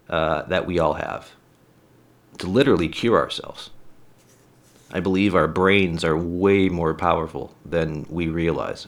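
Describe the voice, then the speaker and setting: Deep-voiced middle-aged man telling stories. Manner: rambling, frank, says "literally" a lot. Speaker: storyteller. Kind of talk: casual personal storytelling.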